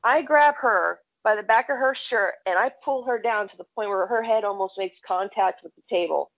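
A woman's voice: medium pitch, normal speed, a bit bright. Blunt, profane woman telling stories. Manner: blunt, profane storytelling with quoted dialogue. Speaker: podcast co-host. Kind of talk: casual chat. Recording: dull lo-fi sound.

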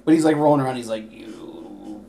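A man's voice: medium pitch, fast, a little mellow, slight background noise. A man on a podcast chatting casually and teasing his friends with dry banter. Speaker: podcast co-host. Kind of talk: casual chat.

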